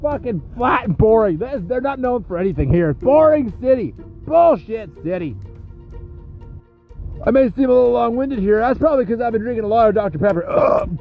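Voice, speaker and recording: A man's voice: extremely high pitch, lively intonation, fairly quick, vocal fry, lo-fi sound, soft background music. A man with a cold hosting a podcast, rambling and cursing through sarcastic trash talk. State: sniffling with a cold. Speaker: podcast host. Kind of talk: rambling crude comedic monologue.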